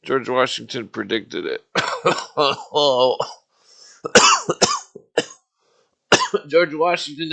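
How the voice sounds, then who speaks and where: A gravelly man rants on his livestream, swearing constantly. His voice is bright and edged, and he rambles angrily, restarting his sentences. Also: medium pitch. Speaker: livestream host. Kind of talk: ranting political livestream.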